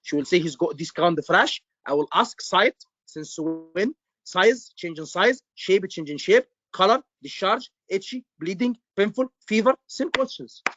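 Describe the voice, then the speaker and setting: This is a man, tutoring medical exam candidates in a live session. His voice sits notably high for a man, and he drills the class with repeated questions and emphatic points. The sound is dry and slightly muffled. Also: expressive, measured pace, a bit bright, no room sound. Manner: repetitive, quizzing students, emphatic. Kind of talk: live online lecture.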